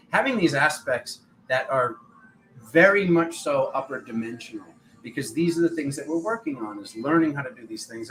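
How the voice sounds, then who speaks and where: A man's voice: mid-range voice, a bit bright, rough recording. A young man giving a spiritual tarot reading, rambling and acting out the voices of people in his stories. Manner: rambling, acts out quoted voices. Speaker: tarot reader.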